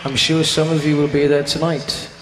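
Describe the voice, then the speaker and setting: A man's voice: a little high, level tone, moderate pace, loud music behind the voice. Welsh man telling a crude story on stage. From Wales. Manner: crude, swearing, bawdy anecdote with put-on quoted voices. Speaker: band frontman. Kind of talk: comic storytelling to a concert crowd.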